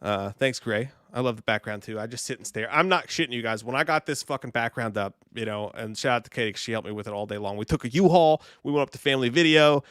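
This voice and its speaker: Profane, excitable live stream host. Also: male voice, medium pitch, quick pace, hardly any pauses, clear, resonant tone, no room sound, clean studio sound. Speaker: host of a live movie news show. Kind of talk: casual live stream chat.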